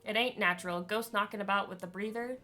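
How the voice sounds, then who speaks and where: A woman's voice: medium pitch, fast, bright, forceful tone, soft background music, close to an everyday voice. A woman reading the lines of a blunt, scornful female ghost stuck at a train station. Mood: bitter.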